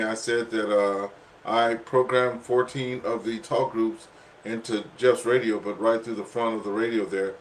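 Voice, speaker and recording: A man's voice: medium pitch, slight background noise. A man hosting an amateur radio net, talking casually with many fillers, coughing and short of breath. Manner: rambling with many fillers, says "there" often. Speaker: net host, ham radio operator.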